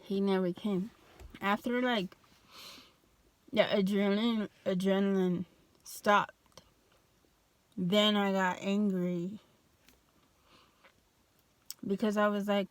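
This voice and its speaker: Flat, slow-talking young woman vlogger. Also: medium pitch, no echo. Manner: loose, with many fillers and restarts; slow, even, flat delivery. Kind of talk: casual storytelling.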